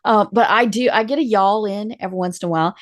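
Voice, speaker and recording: A woman's voice: medium pitch, quick pace. A woman hosting a business podcast interview, chatting casually and murmuring agreement often. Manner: chatty, frequent affirming murmurs. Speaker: podcast host.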